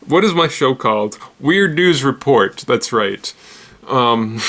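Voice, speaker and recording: A man's voice: mid-range voice, expressive, takes it slowly, fairly bright tone. A man hosting a casual weird-news roundup, rambling and giggly, poking fun at himself as he stumbles over words. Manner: rambling, giggly, self-deprecating. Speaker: host.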